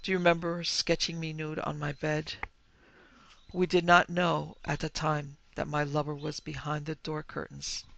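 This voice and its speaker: A man's voice: on the high side, level tone, normal speed, gravelly, sharp tone. Mitzi, a mournful ghost actress with a South German accent, as a man reads her. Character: female ghost of a murdered young actress.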